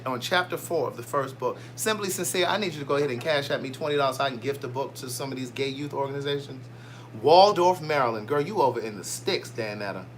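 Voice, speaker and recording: Chatty man with a bright high voice. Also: slight background noise. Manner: chatty, reads out viewer comments, playful. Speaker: livestream host. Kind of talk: casual livestream chat.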